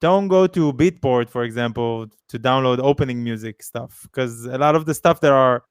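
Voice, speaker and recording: Smooth-voiced man co-hosting a stream. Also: medium pitch, normal speed, dry recording, clean studio sound. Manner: easygoing, loose phrasing, plugs subscriptions. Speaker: podcast co-host. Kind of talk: casual chat on a livestream.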